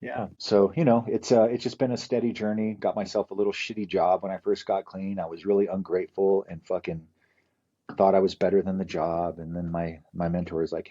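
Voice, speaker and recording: Gruff, profane man telling stories. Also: sits low, little pitch movement, fairly quick, dark tone, highs cut off. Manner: candid, profane, rambling storyteller. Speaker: podcast guest. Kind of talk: casual storytelling interview.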